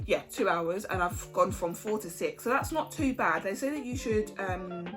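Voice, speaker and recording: A woman's voice: mid-range voice, normal speed. A young woman telling her story in a frank, chatty way, swearing casually. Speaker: vlogger. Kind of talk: candid storytime chat. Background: background music.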